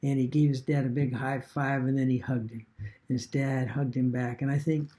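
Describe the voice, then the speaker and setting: A man retelling a story casually as an online business vlogger, halting and rambling with many fillers and restarts. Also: mid-range voice, level tone, dark tone.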